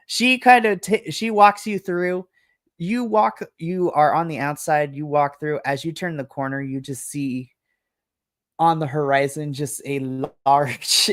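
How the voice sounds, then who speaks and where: A woman's voice: deep voice, fairly even intonation, unhurried, no echo, clean studio sound. A woman game master narrating a tabletop role-playing game, chatty and full of laughs. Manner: chatty, laughs often, uses like a lot.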